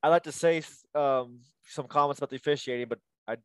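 A young man co-hosting a casual sports podcast, quick to agree and joke, laughing often. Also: fairly high pitch, fairly even intonation, a bit bright, smooth, no room sound. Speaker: podcast co-host.

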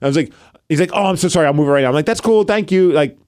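In rapid-fire bursts, a middle-aged co-host on a podcast spins a story during casual talk, his voice on the high side. He brings it to life by acting out each person's quoted lines.

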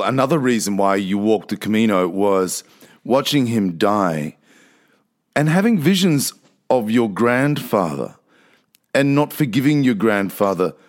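A man's voice: medium pitch, expressive, a little slow. A man interviewing a guest, asking questions hesitantly with restarts.

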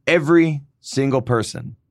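A man's voice: mid-range voice, normal speed, no room sound, clean studio sound. Playful man joking on a sports podcast. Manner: playful, repeats catchphrases, jokey. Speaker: podcast co-host. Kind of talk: casual sports podcast chat.

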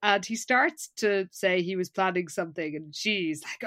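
A woman's voice: medium pitch, expressive, a little slow, fairly bright tone. A woman co-hosting a podcast, recapping an episode in casual chat with dry, wry asides. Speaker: podcast co-host.

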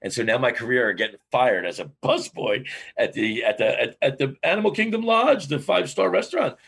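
Gravelly, husky man telling a story. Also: a little fast. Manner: animated storyteller with big pitch jumps and laughs. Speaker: podcast guest, animator and scenic artist. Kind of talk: storytelling interview.

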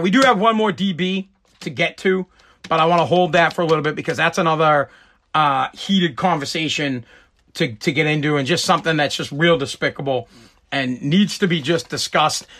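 A man's voice: a little high, bright, forceful tone. A man with a Massachusetts accent hosting a show, ranting bluntly and with lots of profanity in casual commentary. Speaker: podcast host.

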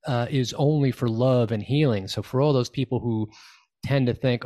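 A man's voice: mid-range voice, moderate pace, dark tone. A man speaking as a medium in an interview, reflective and hesitant as he thinks aloud. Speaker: spiritual medium, guest. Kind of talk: conversational interview.

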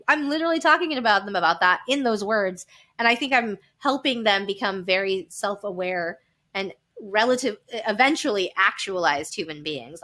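A woman's voice: on the high side, bright, forceful tone. A woman in her thirties, a podcast guest, talking openly and with animation, often laughing. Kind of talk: candid personal storytelling.

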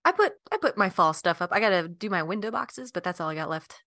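A young woman co-hosts a podcast with easygoing, agreeable chat. Her voice is bright and forward. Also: lowish voice, fast talker, dry recording, studio quality. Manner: relaxed, agreeable, many fillers like yeah and mm-hmm. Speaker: podcast co-host. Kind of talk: casual chat.

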